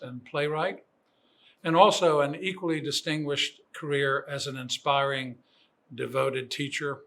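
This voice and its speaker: Bright, gravelly man giving formal remarks. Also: fairly high pitch. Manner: warm, measured, admiring. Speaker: program director introducing the speaker.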